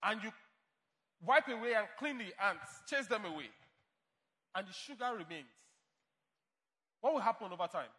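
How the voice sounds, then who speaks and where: High, bright emphatic preacher. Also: male voice, lively intonation, normal speed, pauses often, husky, long reverb tail. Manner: emphatic preaching, mock dialogue. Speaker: pastor. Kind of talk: sermon. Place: church.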